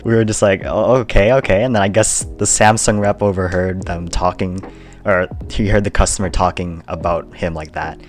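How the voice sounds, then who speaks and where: A young man with a very low voice, telling a store story at an easy, rambling pace and laughing along the way. Faint music plays softly behind him. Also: fairly even intonation, moderate pace. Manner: laid-back, laughs often, rambling with fillers. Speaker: podcast co-host. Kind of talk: casual chat.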